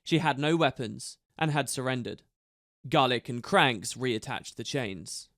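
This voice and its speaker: A man narrating an audiobook in a steady storytelling manner. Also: medium pitch, measured pace, dry recording, clean studio sound.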